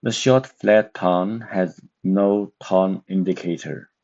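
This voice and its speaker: A man with a very low voice teaches a language lesson at an unhurried pace. He explains step by step and pauses often to search for words. The recording sounds dull and muffled. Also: fairly even intonation, darkish tone. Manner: slow, careful, with many fillers and pauses. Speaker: Mandarin teacher.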